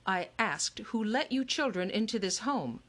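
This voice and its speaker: A woman's voice: mid-range voice, expressive, unhurried, fairly bright tone, pitched above the performer's own voice. A woman voicing a stern older housekeeper who speaks in a clipped, accusing way.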